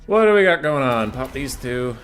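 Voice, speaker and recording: A man's voice: mid-range voice, lively intonation, normal speed, fairly bright tone. Sarcastic swearing young man gaming. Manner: profane, sarcastic, bursts into screaming at units. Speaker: gamer streamer. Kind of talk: live strategy game commentary. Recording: faint game music behind.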